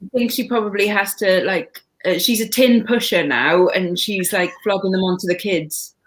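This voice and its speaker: A woman's voice: medium pitch, moderate pace. A woman co-hosting a casual livestream, talking with lots of fillers like "like" and "you know.". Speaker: livestream co-host. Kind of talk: casual chat.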